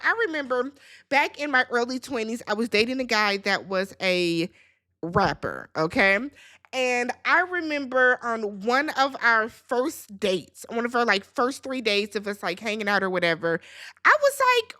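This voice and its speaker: Animated, sassy woman recapping a show. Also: a little high, moderate pace. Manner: animated, sassy, quotes people in exaggerated voices. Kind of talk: casual recap commentary.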